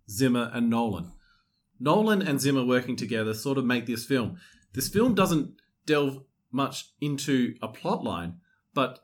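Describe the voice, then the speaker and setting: A man giving his take on a film to his podcast co-host. His voice is of ordinary pitch for a man, and he speaks earnestly, piling up phrases and lists as he builds his argument. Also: fairly bright tone. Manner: earnest, listing and building points. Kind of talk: casual movie review chat.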